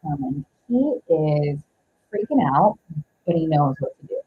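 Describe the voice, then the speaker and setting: Low-voiced woman doing a rambling tarot reading. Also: sing-song, moderate pace, phone-quality sound, noisy background. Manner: rambling, heavy use of "like", greets viewers mid-reading. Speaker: tarot reader. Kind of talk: live-streamed tarot reading.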